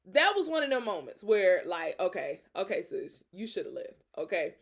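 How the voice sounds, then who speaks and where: A young woman hosting a podcast, telling a story in a lively, dramatic way with slang and frequent laughter. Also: medium pitch, moderate pace, hardly any pauses. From Atlanta. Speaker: podcast host. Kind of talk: casual storytelling.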